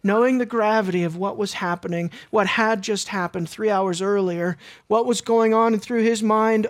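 A preacher delivering a sermon in an earnest, emotional way, repeating phrases and swinging between loud and hushed. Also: mid-range voice, fairly even intonation, moderate pace, few pauses.

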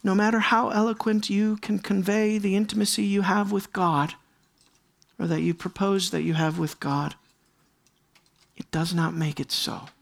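A man's voice: high-pitched, fairly even intonation, normal speed, creaky. Earnest man preaching, repeating key lines. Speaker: pastor. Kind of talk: sermon.

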